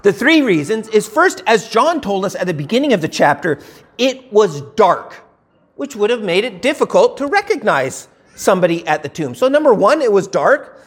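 A man's voice: sits high, sing-song, moderate pace, husky. A man preaching a sermon in a conversational teaching style, posing rhetorical questions and often repeating words as he restarts his sentences.

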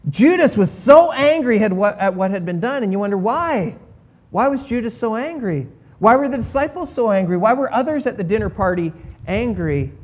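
Animated, sarcastic male preacher. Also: sits high, normal speed. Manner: animated, emphatic storytelling with playful sarcasm. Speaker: pastor. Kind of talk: sermon.

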